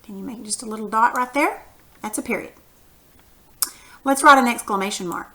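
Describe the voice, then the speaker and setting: A woman's voice: fairly high pitch, moderate pace, sharp tone. A woman teaching a punctuation lesson to young children, patient and encouraging, reading example sentences aloud with exaggerated emphasis.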